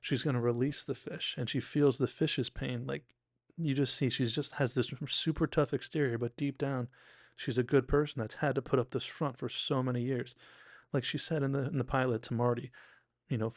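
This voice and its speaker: A man's voice: medium pitch, fairly even intonation, moderate pace, no echo, clean studio sound. A man hosting a podcast, giving an enthusiastic, rambling and self-deprecating casual recap of a TV episode. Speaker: podcast host.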